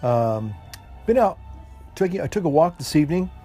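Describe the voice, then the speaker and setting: A man's voice: a little high, sing-song, normal speed, mellow. A man chatting casually to camera outdoors in the evening, smoking a pipe and rambling with many fillers and restarts. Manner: folksy, says "y'all". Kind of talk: relaxed casual chat to camera. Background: classical music playing faintly.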